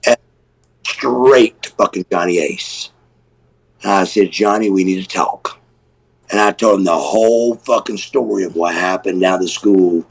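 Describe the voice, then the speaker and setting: A middle-aged man, a former wrestler, telling an animated, profane story and acting out what people said. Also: sits low, a little slow, poor audio. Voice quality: gravelly, husky. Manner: animated, profane storyteller who acts out quoted voices. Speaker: guest, former pro wrestler. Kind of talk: casual storytelling on a live stream.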